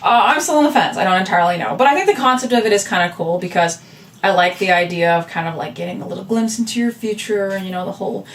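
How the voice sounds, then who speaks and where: In this chatty vlog, a woman artist rambles to the camera, full of fillers and side comments. She talks at a quick pace with a medium-pitched voice, sounding far from the mic, which is a camera with separate backup audio.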